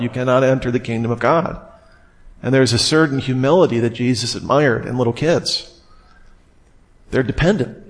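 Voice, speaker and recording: Man preaching in a casual, chatty tone. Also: mid-range voice. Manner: casual, conversational preaching with many fillers. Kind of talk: sermon.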